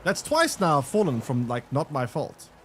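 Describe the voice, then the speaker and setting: A man's voice: a little high, huge pitch swings, normal speed, background noise. A man streaming a game live, rambling and thinking aloud to his chat with many restarts. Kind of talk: live gameplay commentary to chat.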